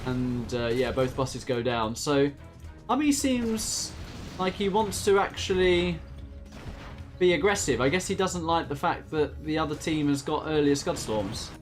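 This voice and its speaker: A man casts a strategy game match in a chatty manner, often laughing. His voice sits fairly high and moves a lot. Faint music plays under the commentary. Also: animated, unhurried. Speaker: game caster. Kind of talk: casual esports commentary.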